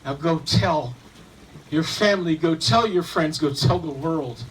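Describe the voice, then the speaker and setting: A man voicing Jesus as a calm, gentle healer, speaking slowly and solemnly. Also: fairly high pitch, slight background noise, pitched below the performer's own voice. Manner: slow, solemn and tender. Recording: distant mic, faint room ambience.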